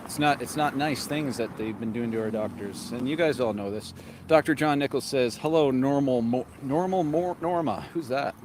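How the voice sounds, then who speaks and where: A man's voice: mid-range voice, normal speed, noisy background. Huffing man livestreaming on a street walk. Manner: reads viewer comments aloud, casual and chatty. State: out of breath from walking. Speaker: livestream host. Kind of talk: walking livestream chat. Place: outdoors on a street in cold weather. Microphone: handheld microphone.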